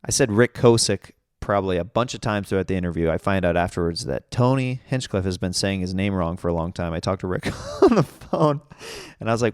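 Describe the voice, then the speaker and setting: A young man hosting his own podcast, chatting casually and excitably on his own and laughing often. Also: fairly low pitch, brisk, clean tone, no room sound, studio quality. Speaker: podcast host. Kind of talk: casual solo podcast chat.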